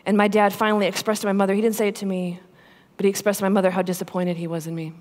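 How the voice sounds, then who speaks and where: A Catholic religious sister gives a personal testimony to a live audience in a large conference hall, with echoey hall sound. Her medium-pitched, darkish female voice runs very fast with little pitch movement, earnest and conversational, sprinkled with "right?" and "you know," and growing emphatic on heartfelt points.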